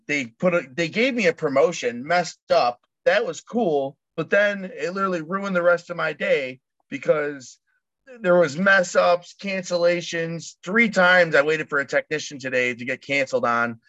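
A man's voice: on the high side, bright, forceful tone, no room sound. A man venting in a rambling, frustrated way during a casual chat. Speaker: bounce house business owner, guest. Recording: dry, dull lo-fi remote line.

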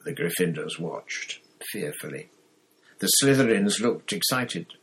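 Man, audiobook narration, husky voice, measured. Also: deep voice, lively intonation, a bit bright. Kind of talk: audiobook reading.

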